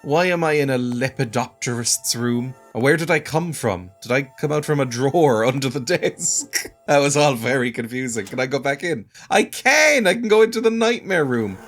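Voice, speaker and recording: A man talks through a video game in a dry, sardonic way, chuckling at it often. His voice sits at an ordinary middle pitch, and faint music plays behind him. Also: a bit bright. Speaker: let's play host. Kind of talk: game commentary.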